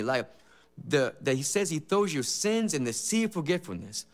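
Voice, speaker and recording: A former gang member shares his faith testimony, emotional and earnest, repeating many phrases as he tells his story. His voice is a little high with big swings in pitch, at a normal speed.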